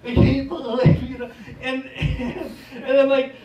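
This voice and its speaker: Male stand-up comic with a slow, rambling, self-deprecating delivery and loud outbursts, recorded from a distance in a reverberant theater. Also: extremely high pitch, little pitch movement, muffled recording. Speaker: stand-up comedian. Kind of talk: stand-up comedy set. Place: theater stage. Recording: echoey theater, mic from a distance.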